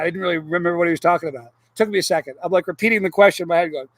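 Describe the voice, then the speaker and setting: A middle-aged man hosting a casual live stream, rambling through stories and chatting with viewers in an animated way. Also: sits high, very fast, hardly any pauses.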